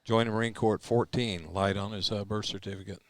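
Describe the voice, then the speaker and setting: Blunt older man, low steady voice. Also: a little fast, no echo. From United States. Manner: blunt, short replies. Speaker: guest, Vietnam veteran. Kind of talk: casual chat.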